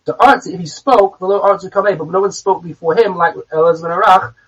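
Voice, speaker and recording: A man's voice: high-pitched, fast, fairly bright tone, husky. A man teaching a text, reading each phrase aloud and then translating it, often restarting his words. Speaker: Talmud teacher. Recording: distant, dull, muffled recording.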